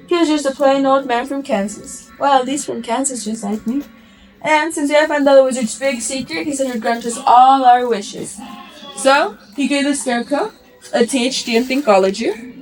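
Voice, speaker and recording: A woman vlogger telling a story in a lively, animated way, acting out what the characters say. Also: high voice, low-quality recording.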